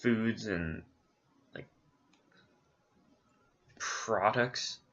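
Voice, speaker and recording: A man's voice: lowish voice, drawn-out words, a bit bright, highs cut off. A man co-hosting a casual travel recap, rambling along with many fillers. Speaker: co-host recapping a trip.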